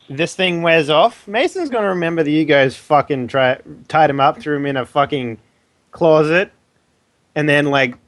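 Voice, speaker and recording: Male player, higher voice, dry close sound, sarcastic and argumentative. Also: fairly bright tone, no echo. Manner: argumentative, sarcastic, swears often. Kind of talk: casual tabletop play.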